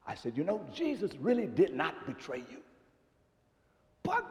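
A male pastor preaching a sermon, moving from quiet storytelling into shouted, emphatic passages. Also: on the high side, huge pitch swings, normal speed, long pauses. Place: church sanctuary. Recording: long reverb of a church hall.

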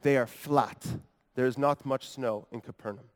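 In a long, reverberant hall, a man preaches in character as a paralyzed adult from Capernaum, speaking in the first person. His medium-pitched, natural voice holds fairly even intonation at a moderate pace, and he mixes earnest and wry storytelling with asides to the congregation.

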